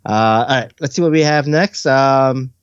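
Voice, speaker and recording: A man's voice: mid-range voice, moderate pace, clear, resonant tone, no echo, muffled recording. A man co-hosting a casual podcast, reading listener comments aloud and laughing often. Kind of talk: casual chat.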